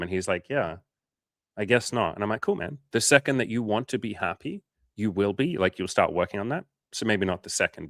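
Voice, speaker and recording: A man's voice: a bit bright, no room sound, studio quality. A man coaching viewers on a livestream, talking bluntly and casually, swearing now and then. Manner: blunt, casual, swears, acts out quotes in higher voices.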